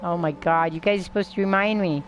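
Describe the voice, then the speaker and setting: A woman's voice: fairly low pitch, quick pace, dull audio. An older woman rambling through live gameplay commentary, chatting to herself and her viewers and swearing now and then. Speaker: game streamer. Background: game music.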